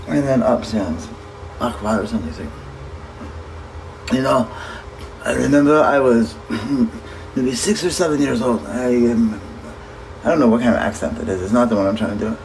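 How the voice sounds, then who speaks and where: Guy rambling to his stream chat, swears a lot, normal pitch. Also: lively intonation, moderate pace, darkish tone, a little hiss or hum, poor audio. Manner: talks to viewers, swears freely. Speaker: livestreamer. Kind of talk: casual livestream chat.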